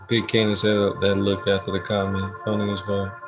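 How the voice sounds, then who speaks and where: A relaxed man, hosting a livestream and chatting with viewers. His voice sits a little low, and soft music plays faintly behind him. He talks in a loose, joking, slangy way. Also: moderate pace. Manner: laid-back, joking, slangy, reads chat aloud. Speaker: livestream host doing personal readings. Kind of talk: casual livestream chat reading comments.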